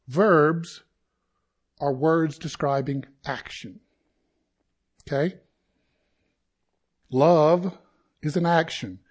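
A man preaching a sermon to his congregation, slow and deliberate, with dramatic pauses and sudden rises in intensity. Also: a little high, darkish tone. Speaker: pastor.

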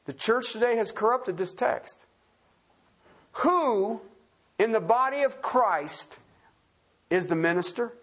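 Delivering an expository sermon, this man keeps things relaxed and lively, spelling out words and asking "Okay?" often to check on his audience. He speaks slowly with a high-sitting, slightly breathy voice and pauses often.

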